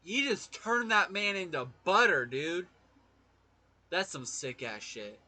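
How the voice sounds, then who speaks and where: A man's voice: high-pitched, sing-song, slow pace, bright, forceful tone, dry recording. A man giving emotional let's play commentary, reacting openly and swearing freely as he plays. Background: game music.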